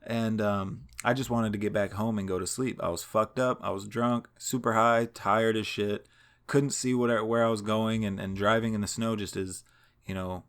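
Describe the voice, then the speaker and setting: A man's voice: on the low side, clear, resonant tone. Laid-back cursing male storyteller. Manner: profane, rambling, lots of fillers. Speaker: vlogger. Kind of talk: casual storytelling.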